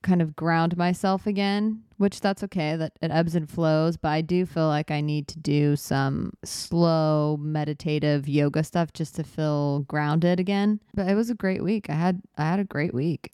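A woman's voice: fairly low pitch, darkish tone, clear, resonant tone, no echo, clean studio sound. Candid rambling young woman podcaster. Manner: rambling, candid, self-reflective. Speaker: podcast host. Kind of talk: casual solo podcast talk.

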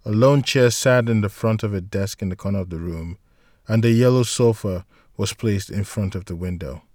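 With a lowish voice, a man gives a steady, measured audiobook narration from a script. There's no room sound, and the studio recording is clean.

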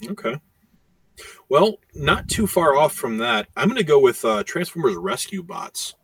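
A man's voice: on the high side, very animated, unhurried, vocal fry, no room sound. A man co-hosting a casual podcast chat, talking in a rambling way with many fillers. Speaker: podcast co-host. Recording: voice distant from the mic.

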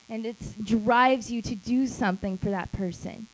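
A woman small group leader teaches at church with an emphatic, earnest delivery. Her voice sits a little high for a woman. She drives points home by repeating them. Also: moderate pace, rough recording. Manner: emphatic, repeats key phrases, acts out quotes.

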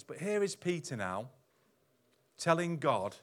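A male pastor delivering a lively sermon. His voice sits a little high, and he swings from loud, emphatic declarations to low, hushed asides. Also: measured pace, pauses often. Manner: animated preaching with big swings in loudness. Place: church hall.

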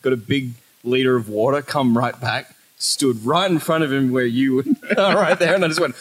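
A man's voice: medium pitch, brisk, low-quality recording. A man in his thirties with an Australian accent, a podcast co-host telling stories in casual chat, swearing freely and breaking into laughter.

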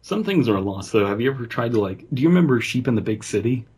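A man's voice: medium pitch, animated, fast, darkish tone, husky. A man co-hosting a podcast, reading a horror story aloud and breaking off for casual, easily amused chat. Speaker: podcast co-host and story reader.

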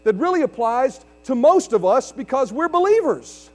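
Soft music plays under a pastor's sermon as he presses his points with mounting emphasis and calls out questions to the congregation. His extremely high voice swings widely in pitch at a moderate pace. The large hall adds long reverb and mains hum.

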